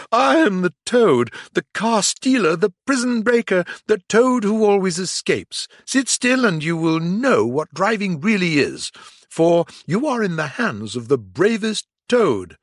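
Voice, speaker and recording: Man playing a toad, boastful, excitable, storybook, high and breathless, bouncy swooping pitch. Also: unhurried, gravelly, dry recording, clean studio sound, full character voice.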